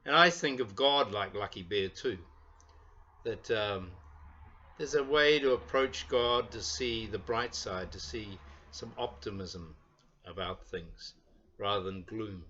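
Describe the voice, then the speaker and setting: An older man, a minister, giving a chatty children's talk from his home porch, pausing often with little fillers. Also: fairly low pitch, highs cut off. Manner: warm, chatty, halting with fillers. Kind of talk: children's talk with storybook reading.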